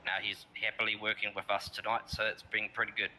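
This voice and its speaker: A man from New Zealand with a Kiwi accent, a sim racing driver chatting in a relaxed, rambling way mid-race. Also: fairly low pitch, fast talker, a little hiss or hum, rough recording. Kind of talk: casual interview while racing.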